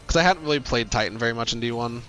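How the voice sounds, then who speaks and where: A man's voice: medium pitch, racing, pushed and bright. A man streaming a game, talking casually with a teammate, joking and laughing often. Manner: chatty, laughs often, jokey. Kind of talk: casual gaming chat.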